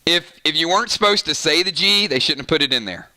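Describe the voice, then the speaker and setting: This gaming channel host has a slightly high, expressive voice with a sharp tone and a Southern American accent. He talks quickly while hosting a casual live-stream chat, playfully arguing opinions with his viewers.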